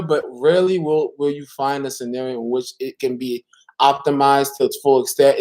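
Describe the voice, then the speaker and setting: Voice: medium pitch, a little mellow. A guest in a casual talk, explaining views with many restarts and fillers. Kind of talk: casual interview chat.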